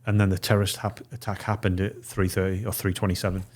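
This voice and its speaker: A man in his forties with a low voice tells a story in a casual podcast chat. He lays it out step by step and drops into the voices of the people he meets as he quotes them. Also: level tone, quick pace. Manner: vivid storyteller, acting out quoted dialogue. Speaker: podcast guest.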